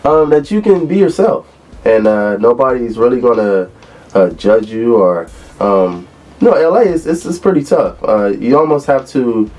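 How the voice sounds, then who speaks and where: A man in his thirties from Los Angeles, a former college football player, relaxed as he tells stories in an interview. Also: mid-range voice, moderate pace. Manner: relaxed storyteller who acts out quotes. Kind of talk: interview reminiscing.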